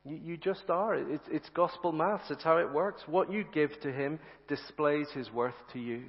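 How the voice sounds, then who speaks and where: A male preacher giving a sermon in a church, speaking earnestly, repeating phrases and asking the congregation rhetorical questions. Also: a little high. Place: church sanctuary. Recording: reverberant church hall, slightly dull sound.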